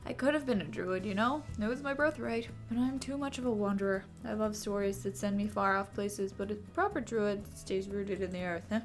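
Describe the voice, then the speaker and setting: A woman's voice: mid-range voice, a little fast, few pauses, soft background music, close to an everyday voice. A woman voicing a wandering storyteller who fondly reminisces about an old friend. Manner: fond, reminiscing narration.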